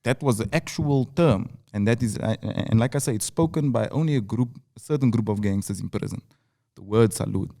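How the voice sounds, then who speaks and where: A man's voice: medium pitch, brisk, creaky, mellow. A rapper from South Africa with a Cape Town accent, telling his story in an interview, earnest and building his points through repeated phrases. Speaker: rapper guest. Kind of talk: reflective interview talk.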